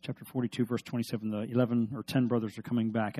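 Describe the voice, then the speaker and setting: A man's voice: medium pitch, little pitch movement, rapid-fire, few pauses, warm tone. A man preaching a sermon, reading scripture aloud and stressing points with questions to his listeners. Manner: emphatic, asks the congregation questions. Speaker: pastor.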